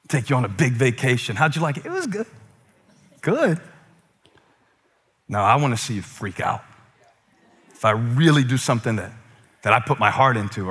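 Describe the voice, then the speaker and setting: A man preaching a sermon as pastor, playful and animated, swinging between loud bursts and hushed lines. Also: medium pitch.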